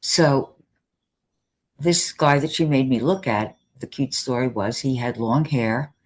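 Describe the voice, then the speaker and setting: A woman's voice: very deep voice, takes it slowly, darkish tone, slightly rough. An older woman, an interview guest, telling stories animatedly and acting out the dialogue with frequent restarts. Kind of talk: storytelling in conversation.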